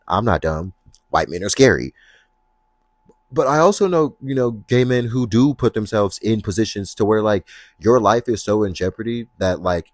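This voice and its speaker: A young adult man hosting his own podcast, talking casually and with sass in a deep voice. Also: dry recording. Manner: sassy, expressive, slips into playful put-on voices when retelling scenes. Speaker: podcast host. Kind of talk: casual solo podcast talk.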